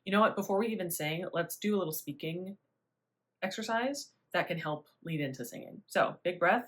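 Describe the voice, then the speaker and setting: A young adult woman voice teacher explaining breathing in a relaxed, chatty way with little laughs. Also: on the low side, moderate pace. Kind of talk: spoken singing lesson.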